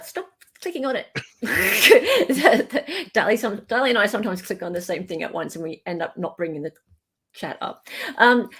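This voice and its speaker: A woman with an Australian accent hosting a live chat show, bubbly and giggly. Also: fairly high pitch. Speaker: livestream host.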